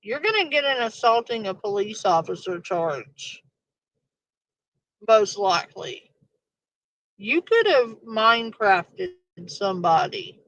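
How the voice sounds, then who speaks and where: Woman, bright-toned, slow-talking, sarcastic and foul-mouthed react commentator. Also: medium pitch, sing-song, low-quality recording. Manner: blunt, profane and sarcastic.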